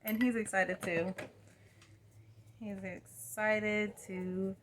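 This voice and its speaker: A woman's voice: mid-range voice, steady tone, extremely slow, background noise. Chatty young woman with a drawl. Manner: chatty, rambling, self-deprecating. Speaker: vlogger. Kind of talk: casual get-ready-with-me chat. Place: at home by a mirror.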